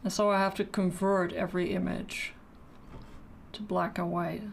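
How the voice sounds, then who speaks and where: A woman's voice: lowish voice, level tone, moderate pace, gravelly, slight background noise. A woman chatting casually during a live painting stream, thinking aloud and answering questions from the chat.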